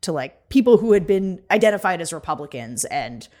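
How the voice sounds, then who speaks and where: Brisk lower-voiced woman co-host. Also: very animated, darkish tone. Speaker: podcast co-host and political campaigner. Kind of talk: casual political chat.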